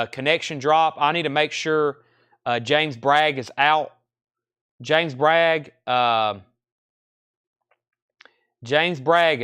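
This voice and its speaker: A man with a Southern accent hosting a live-streamed record sale, briskly reading out titles and prices with joking asides. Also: fairly high pitch, fairly bright tone, smooth. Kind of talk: live-stream auction calling.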